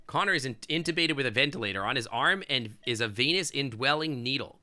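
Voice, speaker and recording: A man's voice: medium pitch, lively intonation, fast, pushed and bright. A man streaming a game, reading its story aloud and reacting with crude, outspoken jokes. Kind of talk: reading a visual novel aloud with live reactions.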